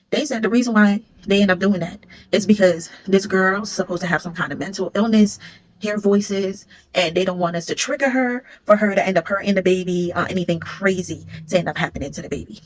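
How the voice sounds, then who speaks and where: A woman tells a story in a casual, blunt way, leaning hard on key points. Her voice is husky and mid-pitched. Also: brisk, low-quality recording. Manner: blunt, emphatic, conversational.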